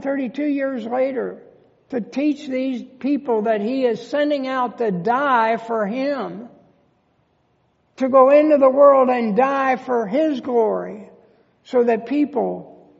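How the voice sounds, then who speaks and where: Pastor, male, slow emphatic sermon delivery, high gravelly voice. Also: darkish tone. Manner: emphatic preaching with rhetorical questions. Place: church sanctuary. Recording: long church reverb, dull lo-fi sound.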